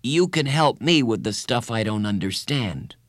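A man voicing a gentle, earnest young schoolboy who speaks mildly and reasonably. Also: medium pitch, lively intonation, measured pace, no room sound, studio quality, natural voice. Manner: mild, reasonable, soft-spoken.

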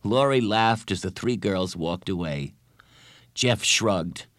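A man narrating a children's story as an expressive storyteller. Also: sits low, takes it slowly, no echo, clean studio sound. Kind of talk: audiobook narration.

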